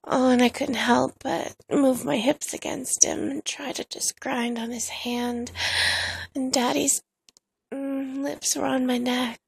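Breathy, gravelly woman telling an intimate story. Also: on the high side. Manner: hushed and slow, with soft sighs between phrases.

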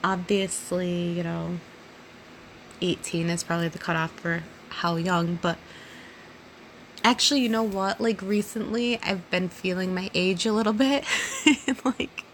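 A woman in her thirties who is openly drunk reads listener questions aloud and answers them at an unhurried, drawn-out pace. She giggles and rambles, and her voice often falls to a soft, almost whispered hush. A faint background hiss runs under the recording. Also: fairly low pitch, steady tone. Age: 30s. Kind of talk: casual solo Q&A monologue.

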